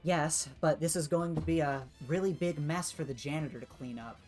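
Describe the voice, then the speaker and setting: Brief: a woman doing a strict honor-roll girl, low voice, faint music behind, tabletop game. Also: normal speed, a little mellow, lightly acted. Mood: stern. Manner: scolding, lecturing. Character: stern dutiful teen girl honor-roll leader.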